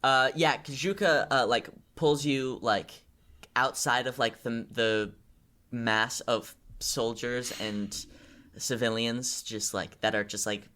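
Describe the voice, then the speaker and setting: A man narrating as game master of a tabletop game, halting often with fillers and restarts as he describes the scene. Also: medium pitch, fairly even intonation, bright, forceful tone.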